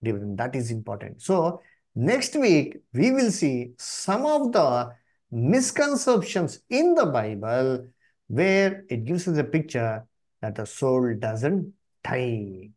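A man's voice: medium pitch, sing-song, slow, darkish tone. A man preaching a Bible study sermon, who keeps asking the congregation questions, repeats their answers and calls on people by name to read.

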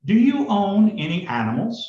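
A man voicing a calm, kindly old village rabbi who speaks gently. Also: high voice, normal speed, voice pushed up. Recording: roomy, slightly dull recording.

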